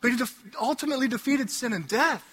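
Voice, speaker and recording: A man preaching as a Catholic priest to a live audience, an animated, joking storyteller speaking into a headset mic. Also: very high-pitched, fast, breathy edge. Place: hall before an audience.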